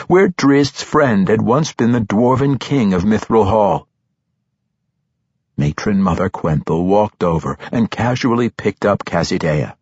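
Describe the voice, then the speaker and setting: Low husky male audiobook narrator. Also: no room sound, highs cut off.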